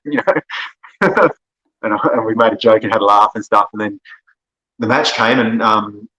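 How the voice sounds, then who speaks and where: A man's voice: on the low side, brisk, sharp tone, breathy edge, lo-fi sound. A man with an Australian accent, a podcast guest telling long, rambling stories and laughing often. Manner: rambling storyteller, laughs often, self-corrects. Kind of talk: casual conversation.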